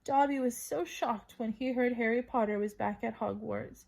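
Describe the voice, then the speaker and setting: A woman's voice: on the high side, moderate pace, creaky, darkish tone. A woman voicing a small, miserable male house elf who pleads in a whisper. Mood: anxious.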